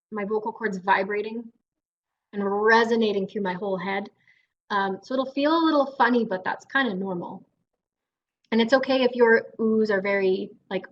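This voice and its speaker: A woman's voice: a little high, lo-fi sound, slight background noise. A Canadian woman speech-language pathologist leading a guided voice exercise class in an encouraging way. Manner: encouraging, demonstrates vocal drills.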